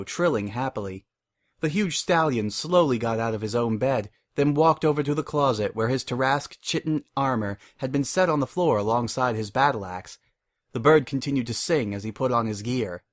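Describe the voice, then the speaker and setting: A man narrating a story in a measured, expressive dramatic reading. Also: mid-range voice. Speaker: reader.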